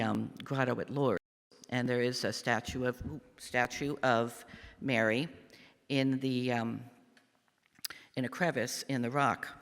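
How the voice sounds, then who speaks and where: Older man, gravelly, halting reflective lay speaker in a reverberant church. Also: medium pitch, a bit bright. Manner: halting, reflective storytelling with many fillers. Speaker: lay speaker giving a meditation. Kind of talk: personal family story in a church service. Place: church sanctuary.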